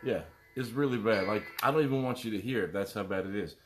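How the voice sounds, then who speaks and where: A man's voice: lowish voice, fast talker, over music. A middle-aged man, a musician, rambling casually to viewers on his live stream, greeting them by name and jumping between topics. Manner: animated, jumps between topics.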